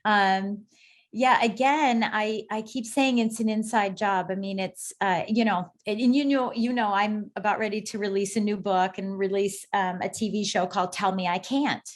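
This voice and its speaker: A middle-aged woman, a guest on an interview podcast, telling her story in an emphatic, animated way. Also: medium pitch, normal speed. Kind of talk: casual interview conversation.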